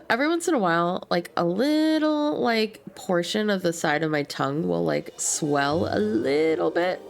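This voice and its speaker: A woman streamer with a slight lisp chats casually with her viewers, her low voice carrying a gravelly fry. Clear music plays behind her on a desk mic. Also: moderate pace, hardly any pauses. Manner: chatty, apologetic asides to viewers. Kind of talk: casual game stream chat. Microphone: desk mic near keyboard.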